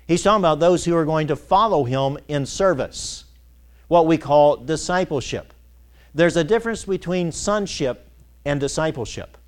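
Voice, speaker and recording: Folksy preacher calling out questions. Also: male voice, fairly high pitch, expressive, normal speed. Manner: call-and-response questions to the congregation; folksy storytelling with chuckles. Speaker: pastor. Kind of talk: sermon.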